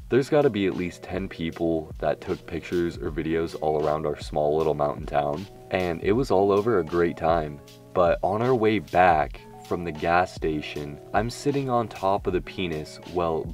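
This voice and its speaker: Deep-voiced young man telling a crude story. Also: a little mellow. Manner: laid-back, crude, jokey. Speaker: vlogger. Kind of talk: casual storytelling.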